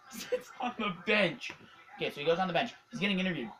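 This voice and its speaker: A hockey vlogger from Canada giving a casual, excitable recap, rambling with lots of fillers and laughs. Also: mid-range voice, moderate pace, slight background noise, low-quality recording.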